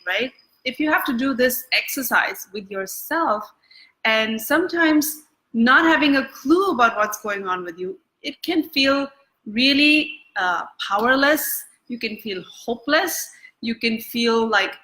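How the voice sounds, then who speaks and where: A woman's voice: fairly high pitch, lively intonation, a little slow, sharp tone, rough recording. A woman working as an energy-tapping coach, teaching in a casual, conversational way full of fillers and restarts. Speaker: EFT coach. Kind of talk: casual talk-to-camera teaching. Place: Bangkok.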